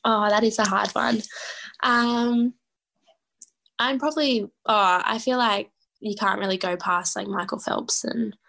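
A woman's voice: medium pitch, steady tone, unhurried, gravelly, pushed and bright. A woman from Australia answering an interview question casually, thoughtful and a little hesitant. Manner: thoughtful, admiring, a bit hesitant. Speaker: interview guest.

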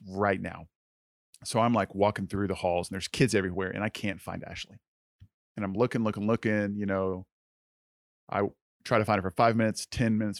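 A man's voice: on the low side, no room sound, studio quality. A man co-hosting a podcast, telling a personal story in an earnest, conversational way with lots of filler words. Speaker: podcast co-host.

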